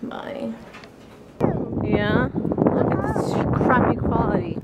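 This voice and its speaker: A woman chatting to her camera in a casual daily vlog, talkative and expressive, tossing in Spanish words, first at home and then on a city street. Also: on the high side, slow, heavy background noise. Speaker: family vlogger. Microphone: handheld vlog camera.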